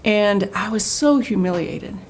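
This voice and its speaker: With a medium-pitched voice and a measured pace, a middle-aged state official from Oklahoma responds to interview questions. She's earnest and narrative in her answers, becoming animated as she quotes people.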